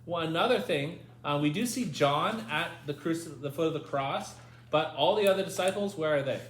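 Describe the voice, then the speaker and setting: A man's voice: fairly high pitch, a little fast. A man leading a Bible study lesson, asking his group questions and reading scripture aloud. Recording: echoey room with faint noise.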